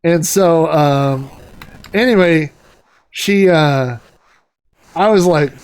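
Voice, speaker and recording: A man's voice: fairly high pitch, very slow, smooth. Chatty, rambling man telling a story. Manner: rambling, chatty, with many fillers and laughs. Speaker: retro gaming host. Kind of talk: casual anecdote while playing a game.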